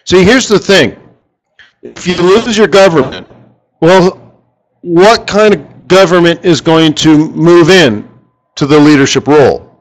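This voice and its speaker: A forex market strategist with a slightly high voice runs a live trading seminar for a room of listeners, joking easily and tossing rhetorical questions at the crowd in an animated, conversational manner. He speaks a little slowly with long pauses, and the audio quality is poor.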